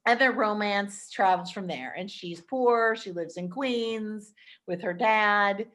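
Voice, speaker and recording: A woman hosting a podcast, chatting enthusiastically about films with quick asides. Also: medium pitch, fairly bright tone. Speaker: podcast host. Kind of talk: casual film chat.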